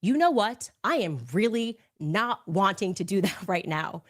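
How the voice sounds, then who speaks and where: A woman's voice: mid-range voice, expressive, unhurried. A woman voicing a petulant, confrontational man in a whiny, affronted tone as she retells a story. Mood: indignant.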